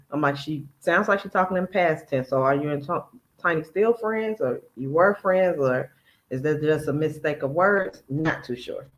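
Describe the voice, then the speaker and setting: Chatty man dissecting a video, mid-high voice. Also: low-quality recording. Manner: chatty, quotes and picks apart another's words. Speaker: commentary channel host. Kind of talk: casual reaction commentary.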